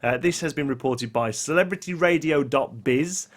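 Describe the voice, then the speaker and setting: A man's voice: fairly high pitch, moderate pace. A man co-hosting a podcast, reading news items in a dry, wry way and chatting casually. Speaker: podcast co-host.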